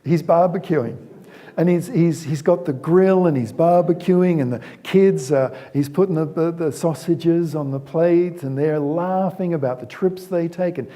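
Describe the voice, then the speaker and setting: A man's voice: a little high, a little slow, warm tone. A man giving a talk on parenting, telling stories in a conversational way with frequent restarts and acting out the scenes he describes. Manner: acts out the scenes he retells. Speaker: speaker on parenting. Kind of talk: storytelling talk to an audience.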